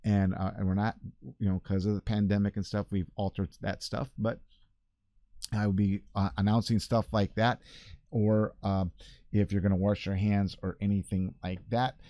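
A man's voice: on the low side, little pitch movement, normal speed, dark tone, no echo. An older man, a pastor, talking casually from his church office in a rambling, chatty way. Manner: rambling, chatty, self-correcting. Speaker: pastor hosting a weekly video segment. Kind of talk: casual chat.

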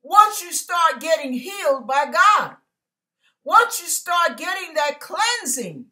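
Lady preaching her testimony, bright high voice, slow and emphatic, repeats herself. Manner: animated, emphatic, repetitive preaching cadence. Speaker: online Christian teacher. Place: her living room. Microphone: computer mic.

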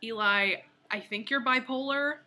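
Bright gushing young woman reviewer. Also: high-pitched, slight background noise. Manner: gushing, quick, quoting characters in mock voices. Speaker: co-host reviewing a TV episode. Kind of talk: casual fan review chat.

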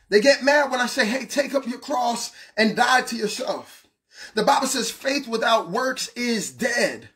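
A man preaching a passionate sermon, asking the listener questions and shouting some lines. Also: extremely high pitch, lively intonation, measured pace. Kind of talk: fiery street-style sermon.

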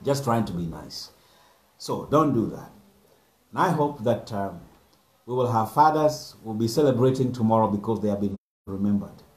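A man's voice: fairly low pitch, moderate pace. A man, a pastor giving an earnest sermon message, repeating phrases for emphasis. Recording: echoey room.

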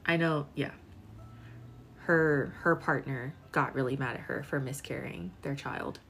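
A woman's voice: very deep voice, steady tone, unhurried, gravelly, a bit bright, slight background noise. A young woman in her twenties doing a casual live-stream tarot reading, chatty and full of filler words while she talks to viewers. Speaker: tarot reader.

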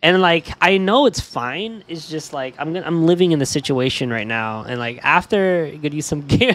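A man's voice: on the high side, lively intonation, normal speed, hardly any pauses. A young man streaming a game from home, chatting casually while upset and stressed, swearing often and saying "dude", with stretches that drop to a mumble. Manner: swears a lot, says "dude", often trails off quiet.

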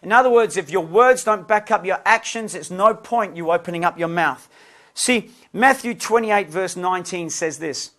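A man teaches like a preacher, his voice sitting noticeably high. He builds his points with passionate emphasis, pressing each line toward the congregation in a sermon-style lesson. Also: moderate pace, a bit bright.

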